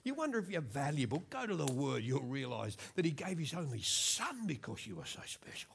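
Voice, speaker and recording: A man in his fifties with an Australian accent preaching a sermon in a church, lively and joking, often repeating words for emphasis. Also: a little high, brisk, gravelly. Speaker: pastor.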